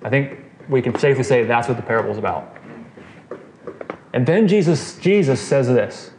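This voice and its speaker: Bible study leader, male, mid-pitched, easygoing teaching talk, recorded in an echoey room with faint hiss. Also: lively intonation, normal speed, a little mellow. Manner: casual, quizzes the group, frequent "okay" and "right". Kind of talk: conversational scripture teaching. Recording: roomy echo, faint noise.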